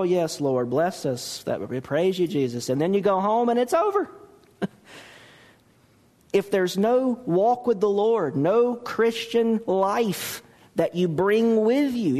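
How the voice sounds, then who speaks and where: Expressive high-voiced preacher in a reverberant hall. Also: male voice. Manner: expressive preaching, acting out quoted dialogue. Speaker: pastor. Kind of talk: sermon.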